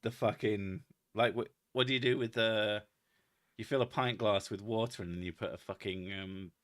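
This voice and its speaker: A British man with a lower, bright and forceful voice chats loosely with viewers. He laughs often, swears freely and mocks himself between comments. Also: steady tone, normal speed. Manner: laughing, self-mocking, swearing. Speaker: host. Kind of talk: casual chat reading viewer comments.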